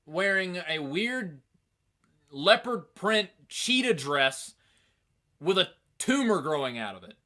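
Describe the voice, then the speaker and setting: A man hosting a casual review show, talking in an animated, rambling, profane way. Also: fairly high pitch, unhurried. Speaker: host.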